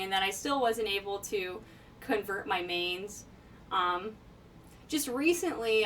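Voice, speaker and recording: A woman's voice: mid-range voice, a bit bright, far from the mic, slight background noise. A woman talking casually in a vlog about her gaming, chatty, with frequent laughs and fillers. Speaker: gamer vlogger. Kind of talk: casual chat.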